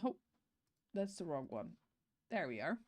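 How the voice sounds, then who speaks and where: A woman's voice: lowish voice, very animated, unhurried. A woman giving playful, chatty commentary while playing a game at home, swearing casually now and then. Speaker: game streamer. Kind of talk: casual let's-play commentary.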